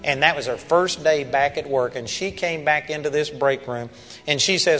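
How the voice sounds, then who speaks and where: Male Bible teacher, live seminar sermon; high voice, blunt storytelling, reverberant hall. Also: expressive, normal speed, a bit bright. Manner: plain-spoken, emphatic storytelling.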